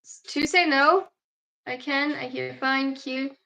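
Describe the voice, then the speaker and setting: A young German woman chats on her livestream, tiredly reading out and answering viewer questions in non-native English with a German accent. She speaks slowly in a high-pitched, gravelly voice with a sharp tone.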